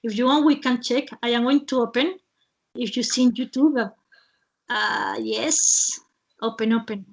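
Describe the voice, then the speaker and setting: A woman hosts a casual online webinar over a video call. Her voice sits fairly high, and her speech comes in halting bits with many fillers and restarts. She laughs often between phrases. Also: vocal fry. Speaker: webinar host.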